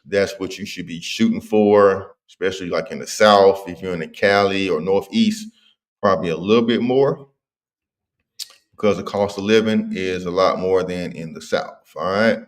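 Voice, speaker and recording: A man's voice: low-pitched, normal speed. A man hosting a casual livestream, talking in slang and reading viewer comments aloud. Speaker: livestream host.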